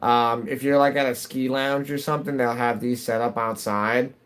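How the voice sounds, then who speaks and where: A man's voice: medium pitch, fairly even intonation, moderate pace, a bit bright, clean tone. A middle-aged man chatting casually while streaming a game at home, rambling and restarting, his nose a little stuffy. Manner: rambling, self-interrupting, chatty. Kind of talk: casual chat while gaming.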